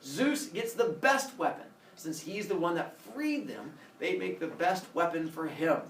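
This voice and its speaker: A man tells an old myth as a playful, comic story, his pitch swinging widely and a gravelly edge in his voice. He is a little far from the mic in an echoey room, with faint noise behind. The delivery is loose and chatty, full of fillers. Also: very animated, unhurried. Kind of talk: casual comic retelling of a myth.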